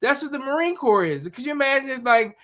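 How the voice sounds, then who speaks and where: A man chatting loosely on a livestream, stumbling and repeating himself as he answers viewers. His voice is high for a man and bright. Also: lively intonation, fast talker. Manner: rambling, repeats words, reads chat comments. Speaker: YouTube streamer. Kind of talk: casual live-stream chat.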